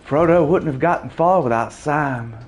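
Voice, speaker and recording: A man with a voice on the high side gives casual, rambling let's-play commentary at a normal speed, with a little hiss or hum in the audio. He cracks jokes and laughs at them himself.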